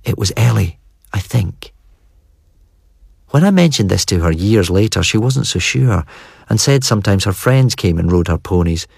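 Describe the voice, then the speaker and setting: A man narrates a story in the first person with a measured, even delivery. His voice is very deep and slightly husky. The recording is dry and close, with no room sound. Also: no echo. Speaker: audiobook narrator.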